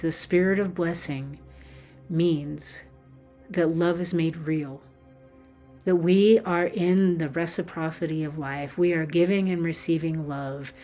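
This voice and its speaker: Woman teacher sharing a personal story, kinda low voice, earnest and emotional, lots of "like" and "you know", soft music behind. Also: fairly even intonation, slow. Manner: earnest and emotional, with many fillers. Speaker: spiritual teacher. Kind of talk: heartfelt personal storytelling talk.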